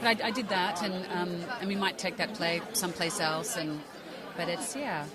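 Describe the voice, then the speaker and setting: A woman's voice: fairly low pitch, moderate pace, a loud crowd. A woman actress answering press questions in casual banter, wry and self-mocking, laughing often.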